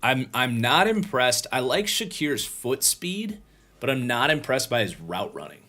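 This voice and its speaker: A man's voice: medium pitch, very animated, a little slow, pushed and bright. A tired man hosting a livestream, casually breaking down football game film and thinking aloud with frequent restarts. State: tired, yawning. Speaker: host and football draft analyst.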